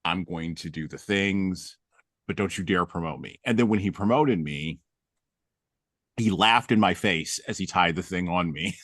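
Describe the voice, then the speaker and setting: A man's voice: deep voice, fairly bright tone, no echo, studio quality. A middle-aged man hosting a casual chat, telling wry, self-deprecating stories with chuckles. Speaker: podcast host.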